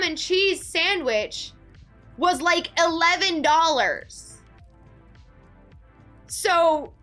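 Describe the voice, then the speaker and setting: A woman telling a story casually to her chat, animated and dramatic in her ranting. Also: sits high. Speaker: streamer.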